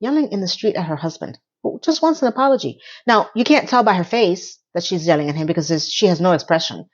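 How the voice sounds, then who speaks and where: A woman casually recapping a TV episode in a blunt, animated, swearing style. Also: on the low side, quick pace, highs cut off. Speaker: TV recap vlogger.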